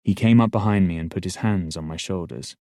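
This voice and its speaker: Male audiobook narrator, very low voice, steady read, dry close sound. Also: brisk, no echo. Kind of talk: scripted narration.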